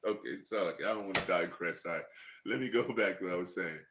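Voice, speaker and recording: A man leading a Bible study, reading verses slowly and breaking into lively, chuckling asides. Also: deep voice, noisy background. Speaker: Bible teacher. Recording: echoey room.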